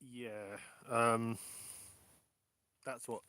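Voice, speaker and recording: A man's voice: medium pitch, little pitch movement, very slow, bright, forceful tone. A man with a mixed northern and southern English accent, hosting a casual live chat from a woodland camp and reading viewer comments aloud. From England. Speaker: live stream host. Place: woodland camp outdoors at night.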